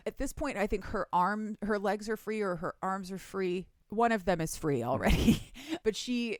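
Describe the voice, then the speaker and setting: A young woman co-hosting a podcast casually recaps a book's plot, laughing and swearing as she goes. Her medium-pitched voice is animated, at a moderate pace with hardly any pauses, in a studio-quality recording with no echo.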